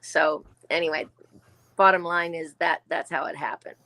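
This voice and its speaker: A woman's voice: sits low, steady tone, normal speed, pushed and bright. A woman in her sixties, originally from Australia, talking as a guest actor in a casual interview and telling chatty stories full of quoted asides.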